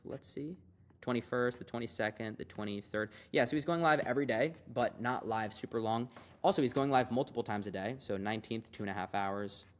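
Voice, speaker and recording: A young man giving a casual, hyped screen-share tutorial as an online business coach, talking fast and loose with lots of fillers. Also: mid-range voice, a bit bright.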